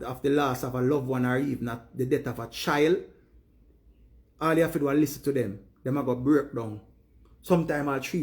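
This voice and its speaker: Brief: Jamaican man, fairly high voice, earnest preachy monologue to a live audience. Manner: earnest, preachy Patois rant. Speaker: live streamer. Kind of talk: casual monologue to viewers.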